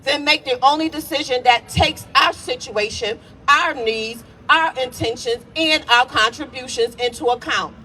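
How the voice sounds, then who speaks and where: A woman's voice: high-pitched, moderate pace, few pauses, bright, forceful tone, a little hiss or hum. Woman reading a statement at a rally. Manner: earnest, ends by leading a chant. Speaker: rally speaker. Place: outdoor rally on a city green. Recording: distant outdoor mic.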